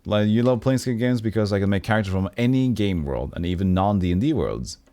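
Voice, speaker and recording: A man streaming a role-playing game, narrating its text and commenting in a relaxed way. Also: fairly low pitch, a little fast, no room sound. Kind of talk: reading a role-playing game aloud on a livestream.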